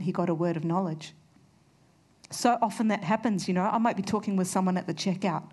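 A woman's voice: mid-range voice, darkish tone. A woman preaching a sermon, earnest and conversational, telling personal stories. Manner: earnest, storytelling with conversational asides.

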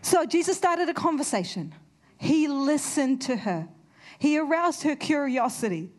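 A woman's voice: high-pitched, sing-song, measured pace. A woman preaching a sermon, earnest and conversational, telling personal stories. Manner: earnest, storytelling with conversational asides.

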